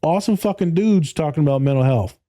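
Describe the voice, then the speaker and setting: On a podcast, a therapist in his thirties talks fast in a mellow, somewhat high voice with lively intonation. The casual chat is blunt and profane, full of laughter, and he does voices when quoting people.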